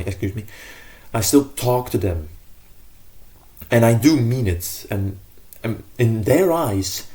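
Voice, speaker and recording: A man's voice: mid-range voice, dark tone. A man giving casual self-improvement advice to camera in an earnest, rambling way, often correcting himself mid-sentence.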